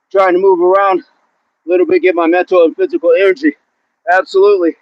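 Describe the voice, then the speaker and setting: A man's voice: high-pitched, little pitch movement, a little fast, no room sound, muffled recording. Breathless man hosting an outdoor workout stream. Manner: breathless, greets chat viewers by name between reps. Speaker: fitness livestream host. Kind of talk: live workout chat with viewers. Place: outdoors at the bottom of a hill under a tree. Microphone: phone propped against a tree.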